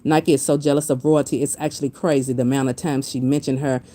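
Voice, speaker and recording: A woman's voice: rumbling low, fast. A woman hosting a casual commentary stream, blunt and profane, reacting to viewers' comments as she talks. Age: adult with a master's degree. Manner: blunt, profane, animated, reads chat comments aloud. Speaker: commentary channel host.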